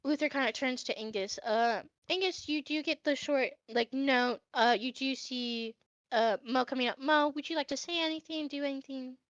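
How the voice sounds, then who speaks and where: A woman narrating as game master in a casual, halting way with many fillers. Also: high voice, fairly even intonation, a bit bright, no room sound. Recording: dull, dry lo-fi audio.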